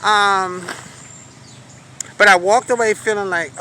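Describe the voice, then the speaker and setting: An adult woman telling a story outdoors on a street corner in a casual vlog, animated, profane and outspoken as she vents. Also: medium pitch, moderate pace. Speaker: vlogger. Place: outdoors on a city street corner by a bus stop. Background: light street traffic and passing buses.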